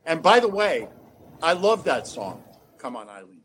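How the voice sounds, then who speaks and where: A man chatting as a podcast guest, telling animated stories with frequent laughter. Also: a little high, normal speed, a little hiss or hum. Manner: animated storyteller, laughs often. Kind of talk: casual chat.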